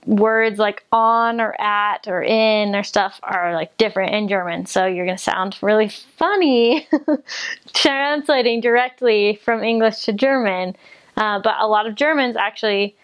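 Speaking a little slowly in a smooth, mid-range voice, this young American woman describes her mission in casual conversation. Back from missionary service, she comes across as chatty, giggles often, and leans heavily on fillers.

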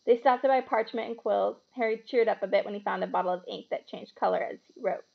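Gravelly-voiced woman reading a story. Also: medium pitch, fast talker, lo-fi sound. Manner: expressive storytelling. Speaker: reader. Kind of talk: reading a novel aloud.

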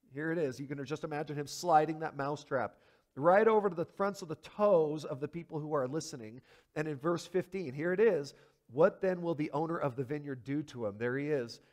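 A male pastor preaching a sermon in an animated, emphatic way, asking the congregation rhetorical questions and swinging between hushed low asides and loud high peaks.

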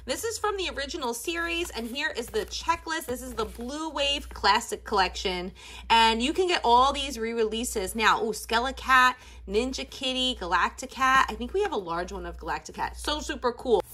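A woman's voice: on the high side, lively intonation, normal speed, bright, forceful tone. A woman in her thirties gushing over toys in a casual unboxing video. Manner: gushing, enthusiastic. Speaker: toy unboxing vlogger.

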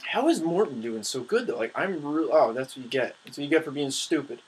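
A young man giving casual, excitable commentary on his own gameplay, trash-talking his opponents. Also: fairly high pitch, a little fast, a little hiss or hum, poor audio.

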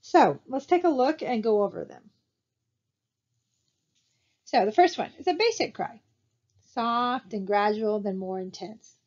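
Higher-voiced woman giving a slide lecture. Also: expressive, measured pace, long pauses, a little mellow, lo-fi sound. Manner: conversational, asks rhetorical questions. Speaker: college instructor.

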